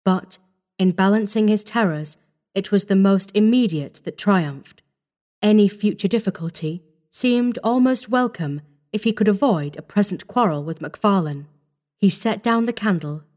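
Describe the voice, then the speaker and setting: A woman narrating a classic short story in a measured, steady reading. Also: mid-range voice.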